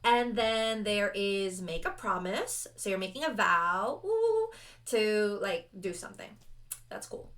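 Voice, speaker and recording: A young adult woman chatting casually and rambling through rules as she sets up a solo tabletop roleplaying game, animated and self-deprecating. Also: medium pitch, slow pace. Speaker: solo roleplayer and video host. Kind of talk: casual actual-play chat.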